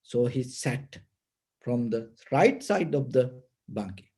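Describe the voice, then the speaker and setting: A man's voice: mid-range voice, expressive, warm tone, husky. A man giving a storytelling dharma talk as a meditation teacher, with patient, simple phrasing. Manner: slow, patient, simple non-native phrasing.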